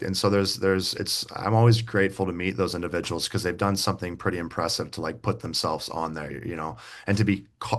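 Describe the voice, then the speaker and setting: A man's voice: sits low, fairly bright tone. A man in his thirties, a podcast guest, telling a long story in a loose, rambling way with many restarts. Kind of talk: casual interview chat.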